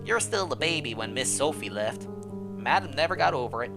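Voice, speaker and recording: A man voicing a kindly, chatty old woman housekeeper in a game, in a high fluttery put-on voice. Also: animated, a little fast, vocal fry, over music.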